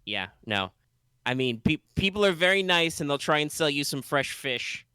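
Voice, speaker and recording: A man's voice: fairly high pitch, big pitch swings, normal speed, bright, forceful tone, clean tone, no room sound. A man running a tabletop game as game master, narrating loosely with plenty of fillers and restarts. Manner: rambling, many fillers and restarts.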